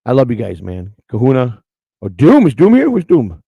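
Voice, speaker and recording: A man's voice: medium pitch, huge pitch swings, moderate pace, creaky, husky, no room sound, phone-quality sound. A middle-aged man hosting a live show, rambling in casual chat with blunt, profane asides and many restarts.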